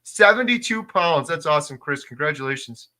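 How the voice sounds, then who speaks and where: Emphatic, bright-voiced male livestream host. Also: a little high, expressive, fairly quick. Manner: emphatic, gets loud when making a point. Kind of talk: casual livestream chat reading viewer comments.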